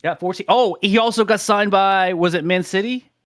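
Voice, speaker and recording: A man co-hosting a podcast in casual chat, chatty and quick to add facts. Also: sits high, fairly bright tone, no echo, clean studio sound. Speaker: podcast co-host.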